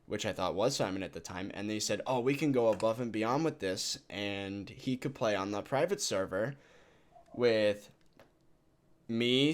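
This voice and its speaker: A young man hosts a voice chat with his online community. He talks casually in loose restarts, often breaking into laughter, at a middle pitch. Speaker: streamer hosting a voice chat.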